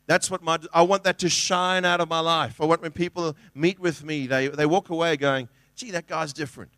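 A middle-aged pastor preaches a sermon to his congregation, earnest and conversational, at a normal speed with a steady tone. His voice is a little high for a man, a bit bright, clear and resonant, recorded dry and close without room echo. He often restarts sentences and acts out little quotes.

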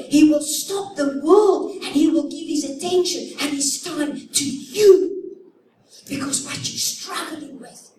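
A woman preaching a sermon, slow and emphatic, with dramatic pauses, in a church. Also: sits high, a little mellow, a little hiss or hum. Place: church sanctuary. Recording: echoey church hall from a distant mic.

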